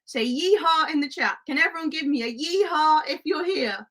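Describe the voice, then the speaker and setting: A woman's voice: high voice, normal speed, fairly bright tone. A woman putting on a rowdy female Wild West sheriff, hamming it up with a put-on Western drawl in a playful live-stream role-play. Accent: put-on American Western drawl. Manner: hammy, drawling, y'all and yeehaw.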